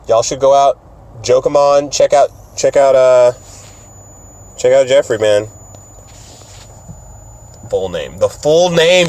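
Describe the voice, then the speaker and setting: With slight background noise behind his mid-range voice, a podcast host chats on his own in a casual, rambling style. Swearing comes often, and so does self-deprecating humor.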